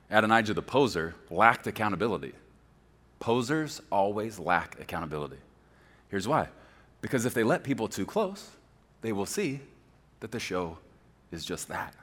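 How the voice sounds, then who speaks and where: A man preaching a sermon as a pastor, swinging from loud shouts to quiet, close talk. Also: on the low side. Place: church sanctuary.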